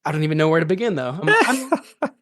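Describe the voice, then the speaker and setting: A man's voice: fairly high pitch, sing-song, fast, a bit bright, no echo, clean studio sound. A man co-hosting a podcast, chatting casually about a movie, laughing often and talking through lots of fillers and restarts. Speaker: podcast co-host. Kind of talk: casual movie review chat.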